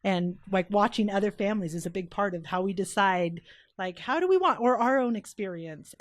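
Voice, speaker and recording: A woman co-hosting a casual podcast chat, an animated storyteller who laughs often. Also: medium pitch, a little fast, no room sound. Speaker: podcast co-host.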